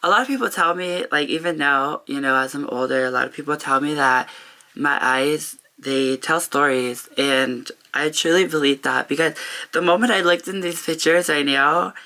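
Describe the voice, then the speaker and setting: A young woman talking to camera in a personal vlog, heartfelt and open, halting often with pauses and restarts. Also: low voice, pushed and bright. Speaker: vlogger. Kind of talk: reflective personal vlog talk.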